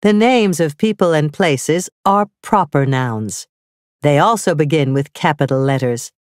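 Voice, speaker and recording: A woman narrating a scripted grammar lesson, reading slowly and carefully with clearly spelled-out examples. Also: sits low, expressive, no room sound, clean studio sound. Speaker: teacher.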